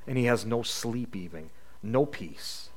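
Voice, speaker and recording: Slow, reflective male Bible teacher. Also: mid-range voice, animated. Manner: slow and reflective, with rhetorical questions. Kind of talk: sermon.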